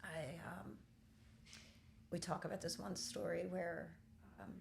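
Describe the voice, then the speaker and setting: Woman with a low gravelly voice. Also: flat delivery, noisy background. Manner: candid, halting with many fillers. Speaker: podcast host. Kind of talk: personal storytelling in conversation.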